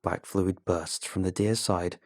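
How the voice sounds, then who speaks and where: Low-voiced man narrating a horror story. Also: steady tone, a little slow, darkish tone, no echo, studio quality. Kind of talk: first-person scripted horror narration. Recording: narration over music.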